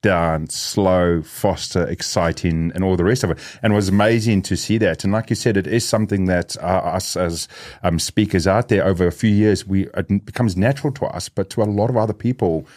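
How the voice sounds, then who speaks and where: A middle-aged man hosting a podcast, with a very low, deep voice. He keeps it chatty and loose, thinking aloud with fillers and restarts along the way. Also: a little fast, a little mellow. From South Africa. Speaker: podcast host. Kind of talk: casual podcast conversation.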